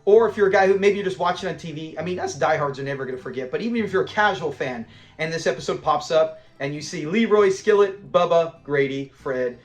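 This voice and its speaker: A man's voice: fairly high pitch, fast. A man hosting a casual episode breakdown, talking in an enthusiastic, rambling fan style. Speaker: host of a show-review channel.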